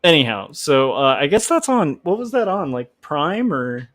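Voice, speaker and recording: A man's voice: a little high, sing-song, normal speed, a bit bright, no room sound. Rambling man chatting on a livestream. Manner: rambling, lots of "like" fillers. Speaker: livestream host, comic artist. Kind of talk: casual livestream chat.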